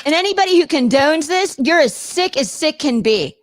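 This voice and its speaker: A woman's voice: sits high, expressive, normal speed. An upset woman hosting a live show, ranting with passionate indignation and repeating herself. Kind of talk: live-stream rant.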